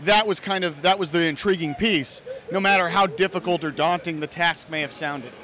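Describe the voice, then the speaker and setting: An American man with a high, forceful voice answers interview questions. He talks earnestly and at length, often restarting phrases as he goes. His tone is bright and energetic. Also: normal speed. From United States (Idaho). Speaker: actor and fan filmmaker, interview guest. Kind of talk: casual interview.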